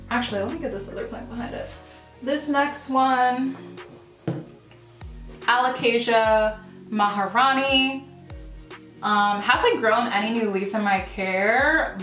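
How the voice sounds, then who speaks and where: A woman's voice: medium pitch, fairly bright tone. Gushing, chatty woman in a roomy room. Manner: gushing, chatty, with frequent ums and laughs. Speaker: plant vlogger. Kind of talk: casual haul video chat. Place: home room full of houseplants.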